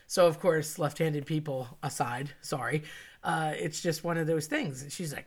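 A woman casually telling a funny personal story, chatty and animated, quoting friends and family in dialogue. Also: low voice, normal speed. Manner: chatty and animated, quotes others in dialogue, laughs at herself.

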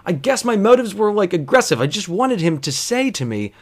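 A man's voice: sits high, sing-song, fairly quick. A man, a bartender, telling a comic story in an exasperated, incredulous way, with plenty of swearing.

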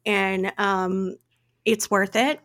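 A woman's voice: medium pitch, fairly even intonation, drawn-out words, fairly bright tone, no echo, clean studio sound. A woman with a Southern US accent co-hosting a podcast, chatting animatedly and peppering her talk with "like" and "y'all". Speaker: podcast co-host. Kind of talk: casual chat.

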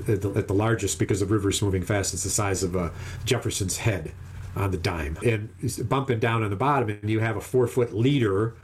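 With a fairly low, slightly rough voice, a man casually tells a long, animated fishing story. He acts out the other people's lines in raised voices.

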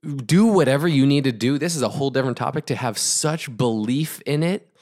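A man's voice: medium pitch, a little fast. Fired-up man preaching sales. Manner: energetic, emphatic, repetitive preaching. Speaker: podcast host, entrepreneur. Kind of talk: motivational talk.

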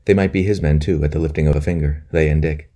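A man narrating a historical novel, measured and earnest. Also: extremely low pitch, steady tone, dark tone. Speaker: audiobook narrator. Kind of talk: scripted narration.

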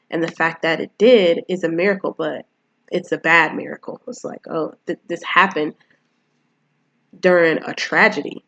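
A woman's voice: on the low side, dull audio. A woman casually retelling and reviewing a film, rambling with lots of fillers.

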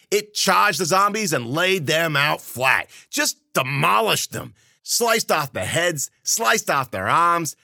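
A man's voice: fairly high pitch, creaky, sharp tone, dry recording, clean studio sound. Wry tough-talking male storyteller. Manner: tough-guy slang, wry asides to the listener. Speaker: storyteller and podcast host. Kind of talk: first-person hardboiled storytelling.

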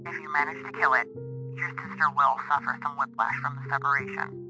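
A woman's voice: extremely low pitch, steady tone. A woman acting a blunt, tough-talking advisor on a phone call in an audio drama. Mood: urgent. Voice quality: brisk and blunt, calls the listener kiddo. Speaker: caller giving instructions over the phone. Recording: music playing under the voice.

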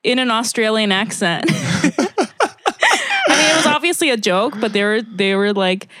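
A woman's voice: fairly high pitch, moderate pace, background noise. A woman co-hosting a comedic podcast in casual chat, playful and teasing, laughing often. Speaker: podcast co-host.

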